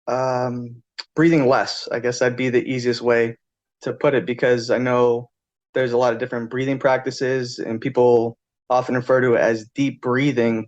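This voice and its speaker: A man's voice: medium pitch, level tone, normal speed. Guy hosting a podcast, laid back questions, kinda muffled lo-fi audio. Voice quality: casual, loose phrasing with fillers. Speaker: podcast host. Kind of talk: podcast interview.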